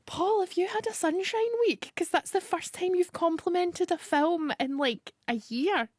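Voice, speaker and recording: A Scottish woman hosting a radio show, chatting casually and breaking into excited exclamations. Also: normal speed, no room sound, clean studio sound. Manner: animated, bursts into high excited exclamations. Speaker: radio host. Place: radio studio. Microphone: studio microphone.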